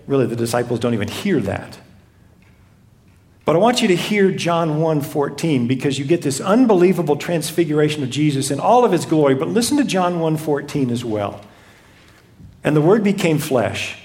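A man's voice: a little high, a little mellow. A man preaching a sermon, reading scripture and retelling it expressively with dramatized voices. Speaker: pastor.

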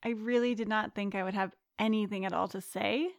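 A woman co-hosting a podcast, chatting casually about a film, laughing often and talking in an animated way. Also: medium pitch, a little fast, gravelly, dry recording, clean studio sound. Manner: giggly, animated. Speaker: podcast co-host.

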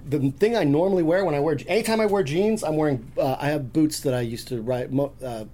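A man's voice: fairly high pitch, a little fast, mellow. A man chatting as a podcast guest, rambling through stories with many restarts. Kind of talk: casual chat.

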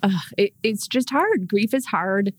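An open, candid woman in her forties with a Rochester, New York accent, speaking at a middle pitch. She tells her story in relaxed conversation, breaking into small laughs between thoughts. The recording is close and dry, with no room sound. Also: measured pace, dry recording. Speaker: podcast guest. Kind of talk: casual interview chat.

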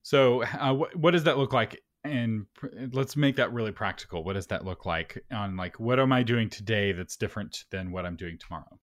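A man's voice: lowish voice, normal speed, hardly any pauses, no room sound, clean studio sound. A man co-hosting a casual podcast, chatty and curious, pressing for practical answers. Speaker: podcast co-host.

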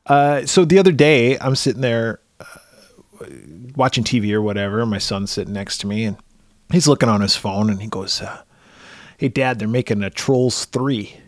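A middle-aged podcast co-host tells stories in casual conversation, swearing freely as he goes. His voice is lowish, his speed normal, and the recording has no echo; he's an animated storyteller.

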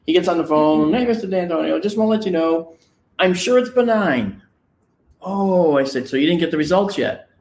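A man casually telling a personal story in an animated way, acting out the voices of the people he quotes. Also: high voice, moderate pace, echoey room, a little hiss or hum. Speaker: guest recounting a personal experience. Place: on location, indoors.

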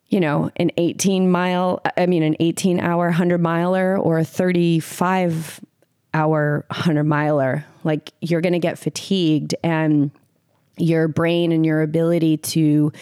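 A woman pacer telling a story in a relaxed podcast chat, earnest and full of "like" fillers. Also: low voice, measured pace, clear, resonant tone, dry recording, studio quality. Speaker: podcast guest, ultrarunning pacer. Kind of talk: casual storytelling conversation.

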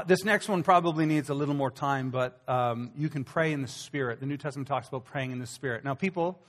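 A middle-aged man preaching a sermon as pastor, in a conversational, animated storytelling manner with acted asides. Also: medium pitch. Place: church hall. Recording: long hall reverb.

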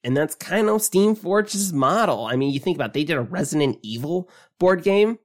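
A man co-hosting a tabletop gaming podcast, talking in a casual and animated way, often trailing off and restarting his sentences. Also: fairly high pitch, moderate pace. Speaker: podcast co-host.

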